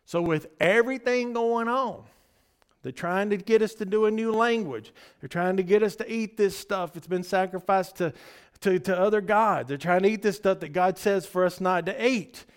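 A man's voice: high-pitched, smooth. A man preaching a casual sermon to his congregation. He keeps checking in with "okay?" and laughs often.

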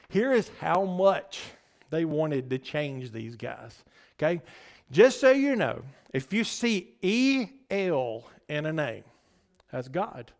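A man preaching a casual sermon to his congregation. He keeps checking in with "okay?" and laughs often. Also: on the high side.

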